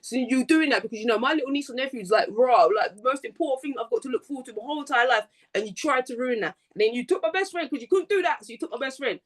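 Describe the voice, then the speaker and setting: A woman's voice: sits high, expressive, very fast, few pauses. A woman talking heatedly in a casual podcast chat, swearing often and rambling with lots of fillers. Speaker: guest.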